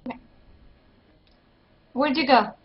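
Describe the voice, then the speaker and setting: A woman's voice: high-pitched, slow pace, dull audio. A woman with a French Canadian accent, chatting and giggling often while she plays a game on stream. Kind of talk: casual gameplay commentary.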